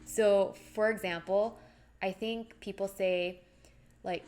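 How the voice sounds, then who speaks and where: A woman's voice: medium pitch, fairly even intonation, measured pace. A young woman chatting casually on a live stream while crafting, rambling and reading out viewer messages. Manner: chatty, rambling, reads chat aloud.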